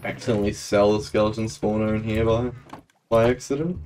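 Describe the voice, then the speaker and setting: A man's voice: on the low side, steady tone, fairly quick, darkish tone, slight background noise. A young man chatting casually while live-streaming a game, laughing often and breaking into playful auctioneer calls. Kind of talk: live gameplay stream commentary.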